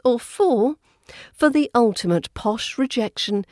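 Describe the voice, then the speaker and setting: A woman's voice: on the high side, animated, unhurried, a little mellow, no room sound, studio quality. A woman with a British RP accent giving a scripted, upbeat accent lesson for a podcast. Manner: upbeat, playful teaching tone.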